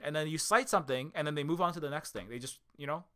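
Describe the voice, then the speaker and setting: A man from Hawaii giving a rambling casual commentary, talking rapidly with many fillers and restarts. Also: on the high side, fairly bright tone, clean tone. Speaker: video commentator.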